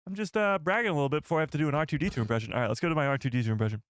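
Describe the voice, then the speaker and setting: A man hosting a live stream, chatting with viewers in an excitable, joking way. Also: fairly high pitch, rapid-fire, no echo, clean studio sound. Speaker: livestream host.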